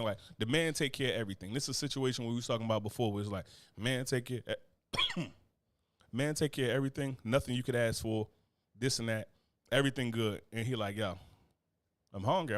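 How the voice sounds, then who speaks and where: A man co-hosting a podcast, swearing freely and joking as he reads comments from the chat. He speaks at an ordinary pitch, and the sound is close and dry with no room around it. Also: fairly quick, dry recording. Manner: profane, animated, joking, reads chat aloud. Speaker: podcast co-host. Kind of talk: casual chat.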